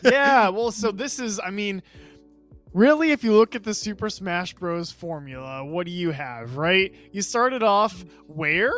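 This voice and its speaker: A man's voice: high voice, animated, a little slow, fairly bright tone, soft background music. A male podcast co-host in casual gaming chat, rambling and enthusiastic, laughing often.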